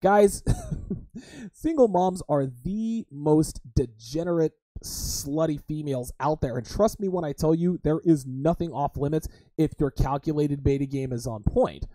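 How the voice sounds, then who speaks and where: A man's voice: fairly high pitch, a little slow, warm tone, no room sound. A man hosting a livestream podcast, talking crudely and emphatically and repeatedly calling his listeners guys. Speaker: host.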